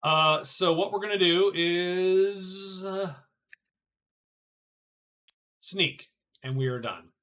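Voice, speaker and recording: Bright-voiced man thinking aloud. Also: high voice, very slow, long pauses, smooth. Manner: thinks aloud, stammers and repeats words. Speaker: board game streamer. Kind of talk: casual live-stream chat while playing a board game.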